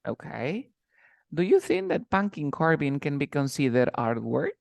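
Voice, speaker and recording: A man's voice: fairly high pitch, very animated, gravelly, no echo. Patient male English teacher, dry sound. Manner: patient, repeats words slowly for pronunciation. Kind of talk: conversational lesson, interview practice.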